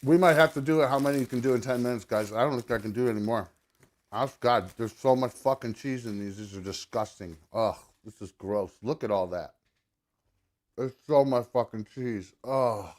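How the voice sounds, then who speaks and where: Groaning, swearing man at a mid-pitched voice. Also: moderate pace. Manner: groaning, swearing, eating between words. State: straining, full and sweating. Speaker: podcast host. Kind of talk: casual chat during an eating challenge.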